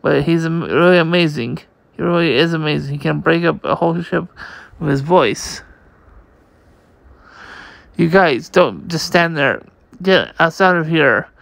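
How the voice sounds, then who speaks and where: A man reads a comic aloud in a bright, very gravelly voice. He goes slowly and stumbles, restarting words, and the sound is dry and close. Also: on the high side, no room sound. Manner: halting, slow reading with many restarts. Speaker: comic reader.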